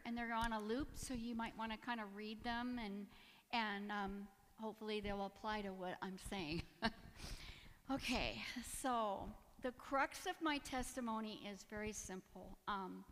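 In a church sanctuary, a woman gives a personal testimony, earnest and emotional, with nervous little laughs. Her voice is fairly high and a bit bright, trailed by long reverb.

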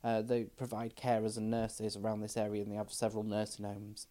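A woman's voice: very deep voice, completely flat delivery, a little fast, mellow. A middle-aged trans woman, talking frankly as a podcast guest and telling stories with quoted dialogue. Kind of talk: casual chat.

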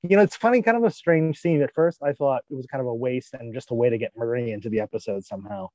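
A man's voice: mid-range voice, fast talker, darkish tone, no echo, lo-fi sound. A man co-hosting a podcast, musing chattily about a TV episode. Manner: chatty, musing, with frequent restarts. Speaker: podcast co-host. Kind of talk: casual chat, TV episode discussion.

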